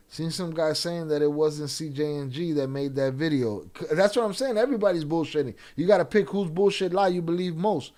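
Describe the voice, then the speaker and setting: A man's voice: a little high, darkish tone. A man hosting a live stream, casually commenting and reading chat aloud in a blunt, profane way. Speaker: live-stream reaction host.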